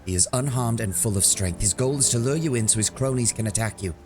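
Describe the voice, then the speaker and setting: A fierce female elf warrior hurls forceful, commanding accusations, voiced by a man who lifts his deep voice well above its usual pitch. The lines come out loud and biting, with faint music underneath. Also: quick pace, lightly acted. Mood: accusing. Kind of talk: reading game dialogue aloud.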